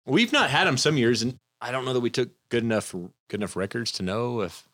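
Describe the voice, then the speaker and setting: A man's voice: mid-range voice, animated, fairly quick, bright, forceful tone, no room sound, clean studio sound. A man, a podcast guest, tells a rambling story in casual chat, often breaking off and restarting. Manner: rambling, self-interrupting storyteller. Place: room with other people and mics. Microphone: studio mic.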